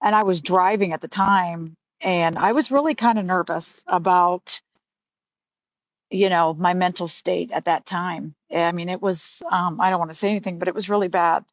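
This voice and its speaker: Middle-aged woman, live-stream host, rambling and blunt, slightly low voice, dry dull audio. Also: normal speed, dry recording. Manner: rambling, candid, profane, with many restarts. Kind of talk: casual live-stream chat.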